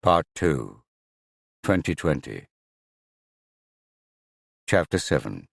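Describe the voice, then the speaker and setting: A man reading a novel aloud in a measured, even manner. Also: very deep voice, creaky, slightly rough, no echo, studio quality. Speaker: audiobook narrator. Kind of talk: scripted narration.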